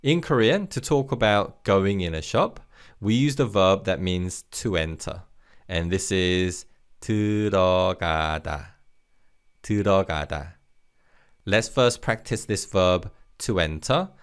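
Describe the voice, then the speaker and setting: A man teaching a recorded language lesson, patient and encouraging, modeling each word clearly for learners to repeat. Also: low-pitched, a little slow.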